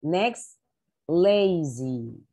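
A woman teacher, slowly repeating vocabulary words for young pupils in an English lesson. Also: sits low, lively intonation, dark tone, slightly rough. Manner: slow, repetitive drilling of vocabulary words. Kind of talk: online class for young children.

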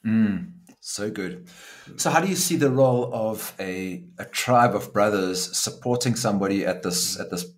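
A middle-aged man from South Africa with a low voice hosts a reflective interview. He talks earnestly and searchingly, often restarting his sentences. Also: normal speed. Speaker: podcast host.

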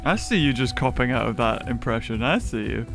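A man hosting a gaming video, commentating excitedly, often shouting and laughing while he plays. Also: mid-range voice, a little fast, creaky, soft background music. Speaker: gaming channel host. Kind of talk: excited let's-play commentary.

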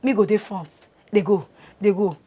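An actress playing a boastful young woman who brags loudly in sing-song Nigerian Pidgin English in a Nollywood home-video drama. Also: medium pitch, fairly even intonation, moderate pace, slightly rough, lightly acted. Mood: bragging. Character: boastful young woman bragging about her admission letter. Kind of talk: Nollywood film acting.

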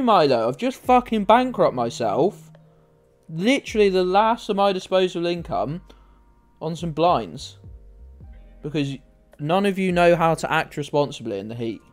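A man streaming a geography game, chatting in a rambling way with his viewers and swearing freely. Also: a little high. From United Kingdom. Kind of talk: casual game streaming chat. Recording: faint music underneath.

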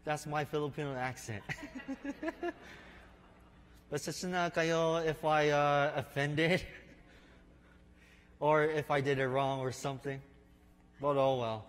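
A man preaching a sermon in an unhurried storytelling way, speaking to listeners as his friends. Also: a little high, steady tone. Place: church sanctuary. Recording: long reverb of a large hall.

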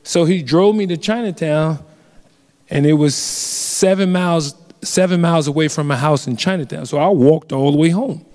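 A man's voice: a little high, darkish tone. Earnest man recounting a story in a hall. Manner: earnest, halting, repeats phrases. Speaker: community forum speaker. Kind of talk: personal storytelling. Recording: reverberant hall.

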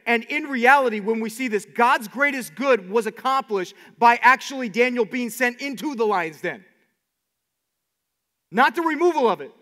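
A man preaching a sermon to his congregation, animated, with many repeated words and quick asides. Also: high voice, big-room sound. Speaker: pastor.

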